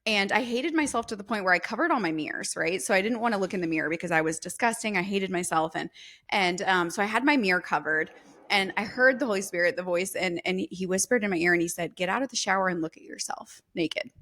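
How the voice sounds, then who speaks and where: Woman guest, mid-pitched, earnest and emphatic storyteller in a talk interview. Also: animated, fast, fairly bright tone. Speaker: guest therapist. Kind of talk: personal storytelling.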